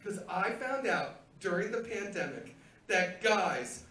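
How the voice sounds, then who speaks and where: A middle-aged man doing a live stand-up set on a club stage, with loud, rowdy crowd work and squealing high put-on voices. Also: big pitch swings, slow. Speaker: stand-up comedian. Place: comedy club theater stage. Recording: roomy live theater sound from a distance.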